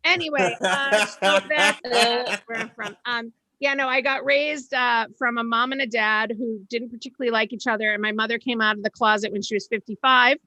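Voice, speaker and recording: A woman's voice: fairly high pitch, brisk, hardly any pauses, bright, forceful tone, no echo, low-quality recording. A woman from Boston doing a brash, self-deprecating stand-up set on a video call from home. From Boston, USA. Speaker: stand-up comedian.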